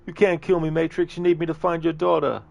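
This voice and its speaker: A man's voice: mid-range voice, normal speed, mellow, dull audio, voice pushed up, natural voice. A man voicing a panicky, snarling male thug in a strained, raised voice.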